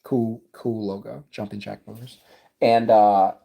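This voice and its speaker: A man in his thirties with a South Louisiana accent, a business coach telling a story to camera in his office in an animated, conversational way. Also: on the low side, measured pace, vocal fry, dull audio. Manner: animated, conversational, acts out dialogue.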